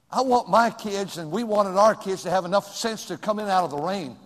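A middle-aged male pastor preaching a sermon, swinging from loud shouts to hushed asides. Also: high voice, brisk, few pauses, in a large hall.

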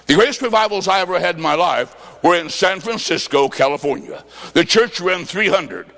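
A fervent evangelist man preaching in a big hall, his fairly high voice ringing out with a long echo. He shouts his points and tells stories in quoted dialogue, sometimes drawing words out almost into song. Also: lively intonation, normal speed, gravelly. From Illinois, United States. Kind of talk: revival sermon.

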